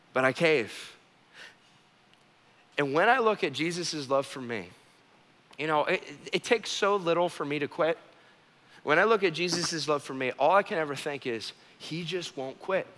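Earnest young pastor in a reverberant hall. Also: male voice, fairly high pitch, lively intonation, measured pace, pauses often, a bit bright. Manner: earnest, emphatic storytelling with acted quotes. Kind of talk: sermon.

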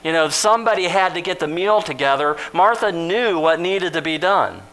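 A man's voice: on the high side, moderate pace, a bit bright, poor audio. A man preaching a sermon in a conversational, storytelling way, acting out the lines he quotes.

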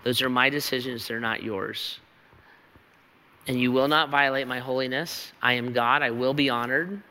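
A man's voice: medium pitch, moderate pace, bright, forceful tone, big-room sound. A man voicing a stern, commanding male God who makes emphatic, indignant demands.

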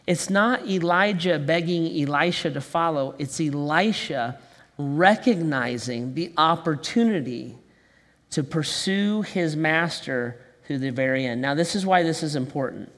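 A male pastor giving a sermon in a conversational style, moving between quick asides and slow, emphatic phrases. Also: on the high side, a bit bright, in a large hall.

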